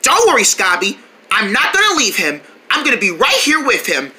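A woman voicing a gentle young female cricket who talks in a slow, soothing way. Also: fairly high pitch, wildly swooping pitch, pitched below the performer's own voice, exaggerated voice.

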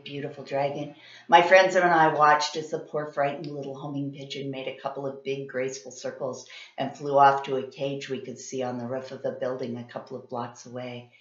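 A woman teacher reading a children's story aloud in an expressive, animated way. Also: deep voice. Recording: roomy, slightly dull sound.

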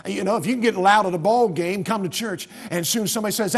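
A man's voice: high voice, quick pace, slightly rough. A man preaching a sermon in a church with an American accent, speaking emphatically in rising bursts and often restarting his sentences. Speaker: pastor. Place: church sanctuary.

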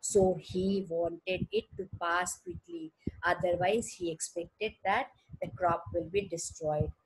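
Very husky Indian woman teacher. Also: fairly low pitch, fairly even intonation, low-quality recording. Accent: Indian English. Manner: reads a passage aloud, then explains it simply; slow, careful teaching tone with fillers. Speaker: English teacher. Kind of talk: explaining a textbook story.

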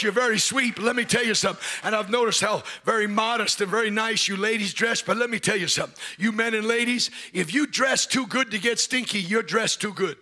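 A man preaching a loud, fiery Pentecostal sermon to a congregation in a church. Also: very high voice, slight background noise. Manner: loud, shouting, preaching with rising bursts.

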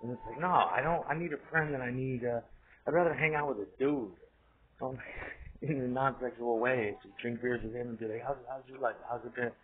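A man's voice: medium pitch, a little fast. A man rambling in a profane monologue, laughing often and trailing off mid-thought. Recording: tinny phone-like audio, faint hiss.

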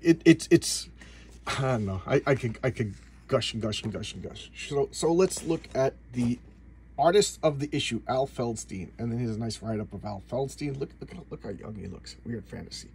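A man's voice: medium pitch, animated, normal speed, darkish tone, a little hiss or hum. A man from the United States, about fifty, chatting casually about old comic books, rambling and repeating words as he retells the story. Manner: rambling, repeats words, acts out characters in paraphrase. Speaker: comic book collector reviewing back issues. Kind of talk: casual video review chat.

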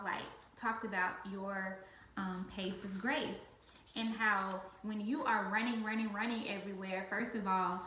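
A woman's voice: medium pitch, a bit bright, roomy sound, a little hiss or hum. A woman leading a business team, talking casually about her faith and stressing points by repeating words. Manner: emphatic, repeats phrases for stress. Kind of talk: casual faith-based vlog talk.

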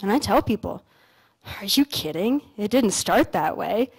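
A young woman from Canada giving a motivational talk on a conference stage, telling stories in a casual, animated way with some swearing. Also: medium pitch, unhurried, husky, rough recording. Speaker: conference speaker. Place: lecture stage at an expo.

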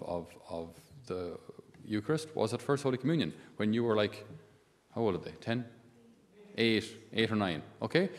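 A man's voice: on the low side, long reverb tail. A man, a priest giving a conversational sermon full of asides and rhetorical questions.

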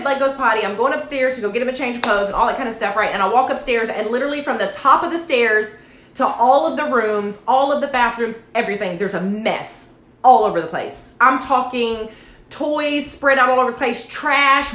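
A woman tells a rambling story to her livestream viewers, peppering it with asides. Her voice sits somewhat high, and the room around her is echoey. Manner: chatty, addresses viewers as y'all, animated asides. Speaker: network marketing livestream host. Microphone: phone or webcam livestream.

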